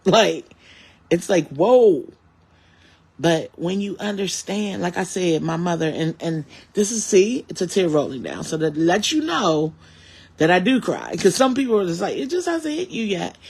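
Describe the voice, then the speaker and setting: A man in his forties with a husky, gravelly voice delivers a personal monologue to his viewers. He is earnest and reflective, speaking with steady faith rather than performing jokes. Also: sits high, measured pace. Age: 40s. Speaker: comedian.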